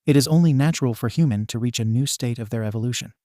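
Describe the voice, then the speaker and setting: A man voicing a cold, calculating male robot villain in a storybook reading, flat and logical. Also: mid-range voice, fast talker, dry recording, clean studio sound, lightly acted.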